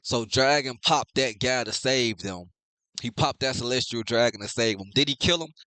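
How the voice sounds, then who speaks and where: A young man casually recapping and reacting to a comic chapter, loose and profane, reading out the dialogue flatly. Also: mid-range voice, normal speed, no room sound. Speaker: manga reviewer.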